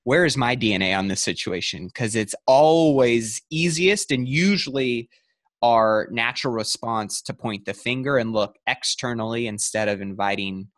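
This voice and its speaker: A man's voice: medium pitch, moderate pace, dry recording. A man hosting an interview podcast. He reflects on his guest's story in an affirming way. His voice is close and dry. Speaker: podcast host. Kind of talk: interview conversation.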